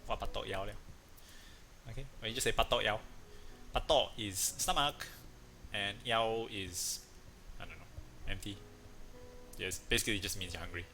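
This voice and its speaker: A man's voice: lowish voice, normal speed, pauses often, sharp tone, faint music behind. A man teaching a casual online lesson, chatty and rambling, with punny asides and lots of fillers.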